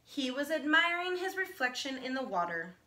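A woman teacher reading a children's picture book aloud, animated and asking her listeners questions. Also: high-pitched, moderate pace, slight background noise. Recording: echoey room.

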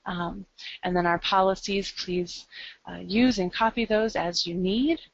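A woman's voice: medium pitch, measured pace, vocal fry, dry recording. A woman librarian with an American Midwest accent, giving an upbeat, conversational webinar presentation with frequent ums. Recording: dull lo-fi online call audio.

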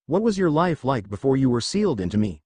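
A man's voice: medium pitch, very animated, quick pace, darkish tone. A man doing a cocky teenage ninja boy. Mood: brash. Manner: cocky and blunt. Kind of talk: storybook reading.

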